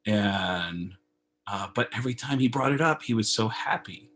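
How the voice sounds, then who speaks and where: Profane comedian telling a story. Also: male voice, fairly low pitch, normal speed. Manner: animated, profane, acts out dialogue. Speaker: comedian guest. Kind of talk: casual storytelling. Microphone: video call.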